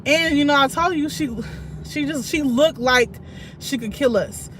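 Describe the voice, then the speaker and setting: Young woman chatting on a live stream from her car, high voice, laughs a lot, bit of traffic noise behind. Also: normal speed, a bit bright. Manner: chatty storytelling, reads out viewer comments, bursts of laughter. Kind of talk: casual story time on a live stream.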